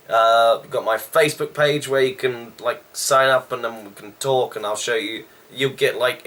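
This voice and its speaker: A man casually reviewing a wrestling show, chatty and loose with sighs and quick asides. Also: medium pitch, pushed and bright.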